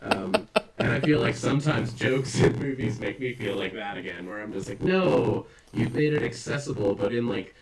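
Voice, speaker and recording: A man's voice: on the low side, animated, normal speed, few pauses, far from the mic, a loud crowd, low-quality recording. A man chatting casually as a podcast co-host, rambling and swearing often with self-mocking humor. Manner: rambling, profane, self-deprecating. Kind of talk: casual chat.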